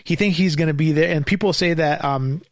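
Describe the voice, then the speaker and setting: A man's voice: a little high, fairly quick, dry recording, studio quality. Angry, profane man ranting. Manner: angry, profane, rambling with many restarts and fillers. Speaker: podcast host. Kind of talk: casual ranting monologue.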